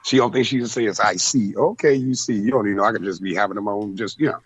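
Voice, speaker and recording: A man's voice: lowish voice, steady tone, very fast, slightly rough, no room sound. A man co-hosting a casual radio chat, telling laid-back anecdotes. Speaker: co-host, spiritual priest.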